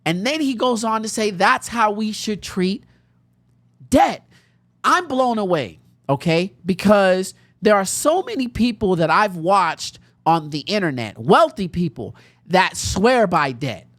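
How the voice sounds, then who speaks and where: The speaker, a young adult woman hosting a podcast, talks unhurriedly at medium pitch, relaying a personal story in an animated, conversational style with laughing bursts. The audio has no echo.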